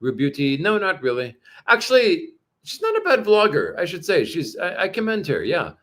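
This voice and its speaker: A man from Canada hosts a relaxed livestream, chatting with his viewers. His voice sits a little high for a man. He rambles along with plenty of "uh"s and restarts. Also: moderate pace. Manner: rambling, many fillers and restarts. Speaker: livestream host reading chat. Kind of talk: casual livestream chat.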